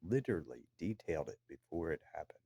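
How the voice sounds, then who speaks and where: A man's voice: rumbling low, sing-song, fast, dark tone, husky, no room sound. A man delivering an angry, profane, accusatory rant to the camera from his own room downstairs in a house. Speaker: vlogger.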